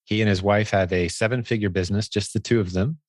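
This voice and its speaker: A man with a very low voice hosts a podcast interview, enthusiastic and rambling, often correcting himself mid-sentence. His voice is recorded dry and close, with no room sound. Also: fairly even intonation, fast, no room sound. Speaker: podcast host. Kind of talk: conversational interview.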